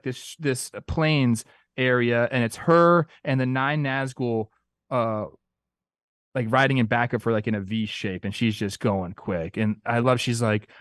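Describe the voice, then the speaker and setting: A young man co-hosting a casual sports talk show, animated and playful, acting out quotes in goofy voices. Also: medium pitch, no echo, clean studio sound. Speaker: podcast co-host.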